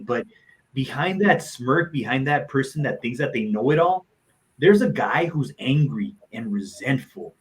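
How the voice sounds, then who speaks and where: A man's voice: medium pitch, expressive, measured pace, poor audio. Earnest man telling heartfelt stories. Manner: heartfelt, repeats phrases for emphasis. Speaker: motivational speaker and coach, guest. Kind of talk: earnest personal storytelling on a live talk show.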